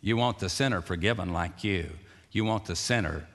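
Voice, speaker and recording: A man preaching a sermon, dropping to a hushed, slow voice and rising to loud, excited calls. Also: low voice. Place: church sanctuary. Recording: long reverb of a church hall.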